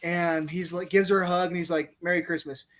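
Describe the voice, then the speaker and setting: A middle-aged man, a police officer turned author, telling a story on a podcast in a lively, laughing way and acting out the quotes. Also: sits high, fairly quick. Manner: animated storyteller, laughs often, acts out quotes. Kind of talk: casual storytelling interview.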